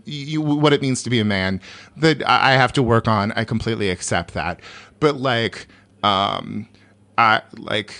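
A man's voice: medium pitch, a bit bright. A man in his forties, a comedian guest, telling stories in a rambling way with many fillers, self-corrections and laughs. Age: 40s. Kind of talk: casual conversational storytelling.

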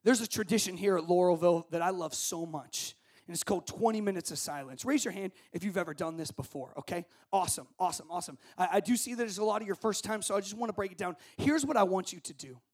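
A man with a noticeably high voice delivers a camp sermon into a handheld microphone. He shouts at the peaks, then softens to hushed, intimate invitation when he leads the prayer. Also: fast talker. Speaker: camp speaker. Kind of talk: sermon to students.

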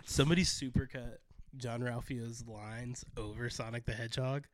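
A man in casual chat about a favorite sitcom, excitable, often acting out quotes. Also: mid-range voice, normal speed, no room sound. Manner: excitable, acts out quotes with laughs.

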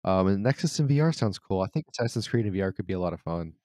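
A man's voice: deep voice, expressive, racing, mellow, dry recording, studio quality. A man co-hosting a casual gaming podcast, grumbling through dismissive, profane rants. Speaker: podcast co-host.

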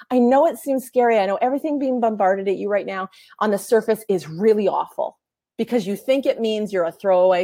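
A middle-aged woman telling a heartfelt personal story, earnest and animated, often laughing and acting out the voices of others. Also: mid-range voice, no echo, studio quality. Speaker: author and coach.

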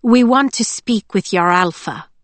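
A woman's voice: mid-range voice, measured pace, fairly bright tone, no room sound, close to an everyday voice. A woman voicing a brave, defiant young woman who speaks firmly and challengingly. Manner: firm, challenging.

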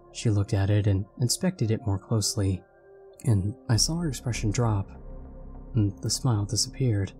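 Low, dark-voiced male horror narrator. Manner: measured, steady storytelling. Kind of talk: scripted horror story narration. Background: faint background music.

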